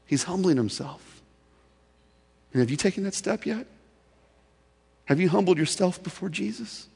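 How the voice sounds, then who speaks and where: A male pastor preaching a sermon in a storytelling way, swinging from loud emphasis to soft, intimate delivery. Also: sits high, animated, normal speed, gravelly, husky, in a large hall.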